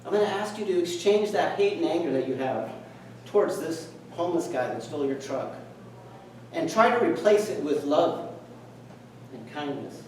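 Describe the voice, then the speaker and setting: A middle-aged man tells a personal story to a meeting in an earnest, reflective way, slipping into the voices of the people in it. His voice sits a little high for a man. He is heard from some distance in a very echoey hall, with faint room noise behind him. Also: animated, normal speed. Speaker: speaker. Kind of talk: storytelling speech.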